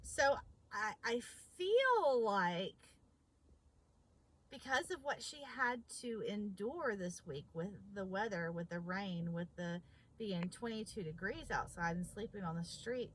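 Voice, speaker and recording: Animated husky woman telling a story. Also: medium pitch, unhurried, poor audio. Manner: animated, emphatic storyteller acting out both sides of a conversation. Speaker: vlogger. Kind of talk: storytelling vlog.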